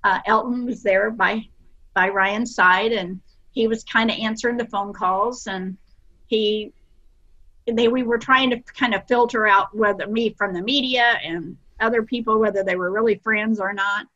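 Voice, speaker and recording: Older woman, interview guest; earnest, self-deprecating storyteller, bright tone, lo-fi sound. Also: medium pitch, steady tone, moderate pace.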